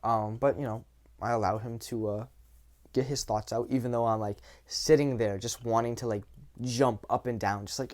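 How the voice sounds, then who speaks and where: A man's voice: medium pitch, fairly even intonation, normal speed, a little mellow. Casual young man giving blunt advice. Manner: blunt, swears casually, acts out examples. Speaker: dating coach. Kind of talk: casual talking-head advice.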